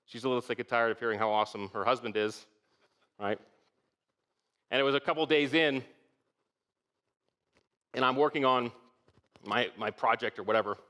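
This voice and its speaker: A man's voice: medium pitch, moderate pace, pauses often, bright, forceful tone. A middle-aged man giving a conference leadership talk in a conversational way, often asking "okay?" and "right?" to check in with the audience. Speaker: keynote speaker.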